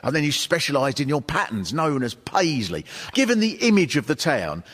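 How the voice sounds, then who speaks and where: An English man performing stand-up comedy to a live audience, telling stories with lively shouted bursts. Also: a little high, normal speed. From England. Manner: lively storytelling, breaks into shouted impressions. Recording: reverberant hall with audience.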